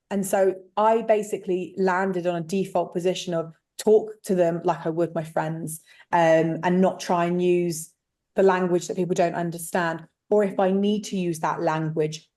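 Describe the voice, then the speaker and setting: A frank, chatty woman with a slightly low voice speaks in a relaxed interview. She tells stories with plenty of fillers and asides. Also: moderate pace. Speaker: guest, letting agent. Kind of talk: casual interview chat.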